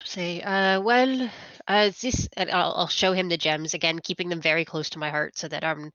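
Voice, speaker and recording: A woman's voice: sits low, level tone, brisk, sharp tone, dry recording, highs cut off. Stammering woman player, dry sound. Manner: hesitant, stammering speech. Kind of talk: playing a tabletop game.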